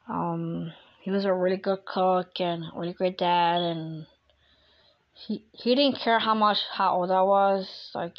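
A woman talking to her podcast listeners in a halting, emotional way, with many fillers and restarts. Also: lowish voice, muffled recording. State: crying. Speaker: podcast host. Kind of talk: personal podcast monologue.

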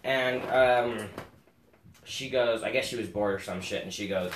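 A man's voice: fairly low pitch, normal speed. A young man swearing constantly as he tells a crude story among friends, laughing often. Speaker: podcast co-host. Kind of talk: crude casual chat. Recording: roomy echo, off-mic, faint noise.

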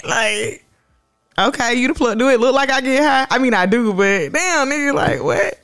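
Blunt, animated young woman with vocal fry. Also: sits high, a little fast. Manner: animated, blunt, profane storytelling. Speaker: podcast co-host. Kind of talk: casual chat.

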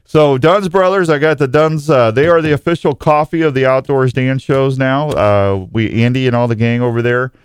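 In a dry recording, a male host with a clear, resonant mid-range voice talks at a moderate pace with few pauses. He works through listener shout-outs on a live talk show, greeting each person in a rambling, joking style and regularly fumbling his words.

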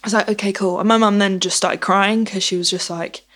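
Chatting casually, a woman tells a personal story and acts out the dialogue with "I was like." Her medium-pitched voice is fairly even in intonation, a little fast and a bit bright.

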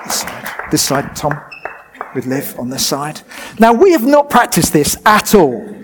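A man with a fairly high voice, preaching a sermon. He is lively and jokes with the congregation as he explains and directs a demonstration. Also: unhurried, slightly rough, some chatter behind.

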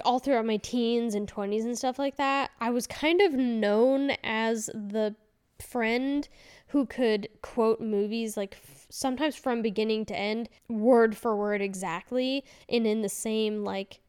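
A woman's voice: a little high, measured pace, darkish tone, smooth. A woman in her thirties hosting a casual solo podcast, rambling candidly with fillers and self-corrections. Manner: chatty and candid. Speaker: podcast host.

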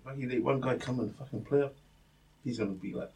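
A man, co-hosting a casual podcast chat and telling animated, swear-filled stories, acting out what people said. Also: medium pitch, quick pace. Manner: animated storyteller, swears freely, acts out quotes. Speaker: podcast co-host. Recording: distant mic, faint room ambience.

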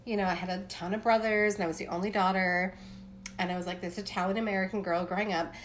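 A woman from Pennsylvania co-hosting a podcast, telling a story in a casual, animated way with lots of "like" fillers and voices for the people in it. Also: mid-range voice, fast talker, slight background noise. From Appalachian Pennsylvania. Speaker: podcast co-host.

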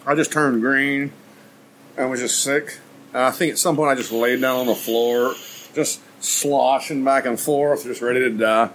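On a rough recording with a little background noise, a podcast co-host laughs his way through gross-out stories in a casual chat. His mid-range voice is fairly bright and fairly even in intonation, moving at a moderate pace as he jokes and gets graphic.

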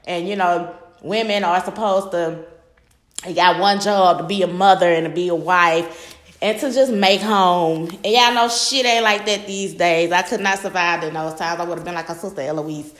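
A woman's voice: lowish voice, fairly bright tone, roomy sound. A woman hosting her own podcast in casual solo chat, talking bluntly with lots of profanity, rambling and restarting her sentences. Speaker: podcast host.

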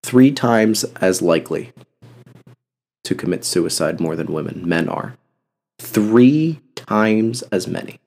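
Gravelly-voiced man venting on a podcast. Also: on the low side, expressive, slow, darkish tone. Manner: blunt, heavy cursing, impassioned. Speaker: podcast host. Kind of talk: casual solo podcast talk.

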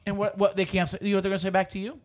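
Playful higher-voiced man riffing. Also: completely flat delivery, racing. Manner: playful, riffing on a running joke. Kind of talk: casual comedic banter.

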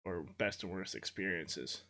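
A man's voice: low voice, measured pace, sharp tone. A man hosting a casual podcast, asking laid-back, jokey questions. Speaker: podcast host.

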